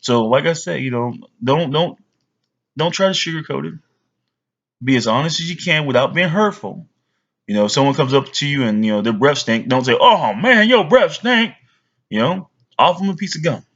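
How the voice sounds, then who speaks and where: A man's voice: medium pitch, expressive, a little fast, a bit bright, highs cut off. A man in his forties giving blunt fatherly advice to his young sons in a rambling, casual way, full of fillers. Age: 40s. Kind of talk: casual to-camera talk.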